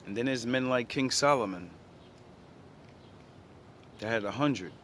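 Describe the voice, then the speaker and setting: A man's voice: mid-range voice, unhurried, fairly bright tone, a little hiss or hum. A man casually retelling an old story in his own words, blunt and full of profanity and slang.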